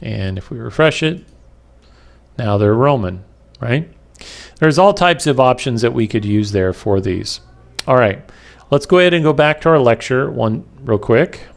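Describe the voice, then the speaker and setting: A male web development instructor walks through a recorded screen-capture lecture at an unhurried pace, halting often and filling pauses with ums and uhs while he has the hiccups. His mid-range voice is expressive but rough with gravelly fry. The sound comes from a plain computer microphone.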